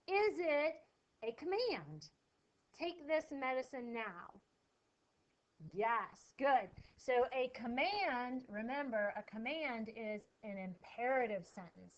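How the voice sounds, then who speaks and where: A woman's voice: a little high, animated, takes it slowly, dull audio. A woman teacher explaining a lesson to her pupils, coaxing them with questions and reading the examples aloud with emphasis. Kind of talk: classroom lesson video.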